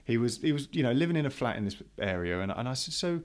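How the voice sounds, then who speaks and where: A man's voice: mid-range voice, sing-song, darkish tone. A man chatting casually, telling a story in an easygoing way. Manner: easygoing storyteller, quick agreeing backchannels. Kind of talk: casual chat.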